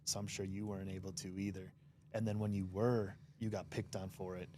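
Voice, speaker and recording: A man's voice: deep voice, level tone, brisk, dark tone, a little hiss or hum. A man being interviewed as a podcast guest, talking frankly and directly. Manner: frank and direct, with some swearing. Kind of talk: casual conversational interview.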